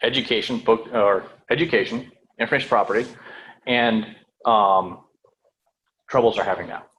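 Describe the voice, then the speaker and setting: A man teaching real estate sales in a room with an audience, lively, checking in with "right?" and "okay?" and acting out phone calls. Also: on the low side, moderate pace, poor audio. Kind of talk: live sales training talk.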